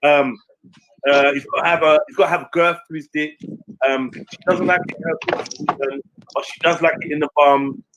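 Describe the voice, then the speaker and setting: A man, telling a story in casual chat, animated and slangy, swearing freely and acting out what others said. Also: on the high side, normal speed, highs cut off. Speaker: stream panelist.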